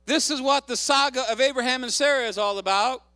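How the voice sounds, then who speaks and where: A man pastor preaching a fervent sermon, calling out hallelujahs and shouting to the congregation. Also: extremely high pitch, fairly quick, clean tone, no echo, clean studio sound, soft background music.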